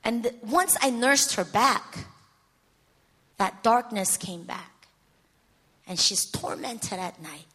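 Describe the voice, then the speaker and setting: A middle-aged woman preaching a sermon testimony in a high, bright voice. She swings between hushed confession and shouted intensity. The sound carries a long hall reverb. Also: expressive, slow pace, long pauses, husky.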